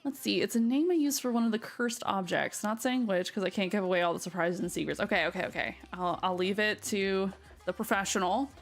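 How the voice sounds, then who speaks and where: A woman with a Southern American accent, chatting casually with her live stream viewers while she plays, giggling often and greeting newcomers brightly. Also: mid-range voice, a little fast. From Southern United States.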